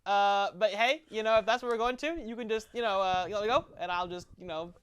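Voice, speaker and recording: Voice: medium pitch, brisk, a bit bright, smooth, natural voice. A game master playing a bumbling, lost goblin robber who rambles on, filling every gap with "you know". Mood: pleading.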